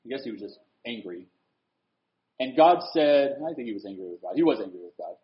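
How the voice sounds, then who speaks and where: A man preaching a sermon, animated, swinging from loud emphatic lines to hushed asides. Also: medium pitch, a little fast. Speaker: pastor. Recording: echoey room, dull lo-fi sound.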